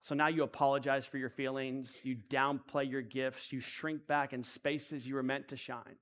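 A man preaching a sermon, moving between hushed, intimate lines and emphatic rises. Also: medium pitch, little pitch movement, moderate pace. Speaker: pastor.

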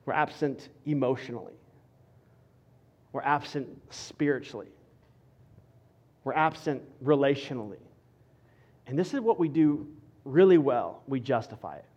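A male pastor preaching a sermon with an emphatic, repetitive rhetorical cadence that drops to quiet for stress. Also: mid-range voice, animated, unhurried, long pauses, highs cut off.

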